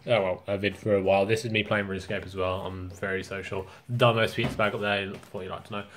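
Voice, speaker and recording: A man's voice: sits low, little pitch movement, quick pace, a bit bright. A young man vlogging casually, rambling, joking and swearing a lot. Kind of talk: casual vlog rant.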